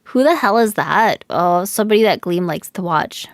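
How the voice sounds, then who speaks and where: A woman's voice: fairly low pitch, lively intonation, moderate pace, dry recording, clean studio sound. A young woman streamer reacting to clips in casual, blunt, profane commentary and greeting her chat.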